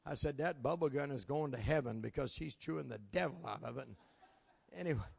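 Man, preacher, folksy anecdotal sermon, gravelly voice, echoing church hall. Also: medium pitch, fairly quick. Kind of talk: sermon storytelling. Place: church sanctuary. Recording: long reverb of a large hall.

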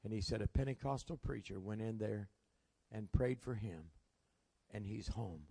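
Gravelly preacher in a big hall. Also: male voice, fairly low pitch, moderate pace, dark tone. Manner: folksy anecdotal preaching with chuckles. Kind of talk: sermon storytelling. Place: church sanctuary. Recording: long reverb of a large hall.

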